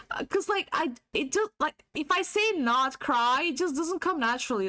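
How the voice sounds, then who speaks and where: High-voiced rambling woman streamer. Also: sing-song, moderate pace, sharp tone. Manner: rambling, giggly, swears freely; many fillers and restarts. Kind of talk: casual livestream chat. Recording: faulty stream audio.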